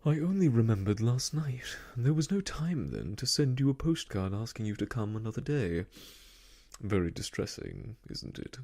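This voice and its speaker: A man's voice: mid-range voice, sing-song, moderate pace, mellow, no room sound, studio quality. A man voicing a round, cheery bald uncle who floats in the air, in whispered role-play. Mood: apologetic. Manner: cheery, apologetic.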